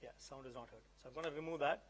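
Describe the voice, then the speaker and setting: A man's voice: medium pitch, rapid-fire, breathy edge. A man presenting a live tech demonstration at an event, talking conversationally and often checking that the audience follows. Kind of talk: live tech demo talk. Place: event hall.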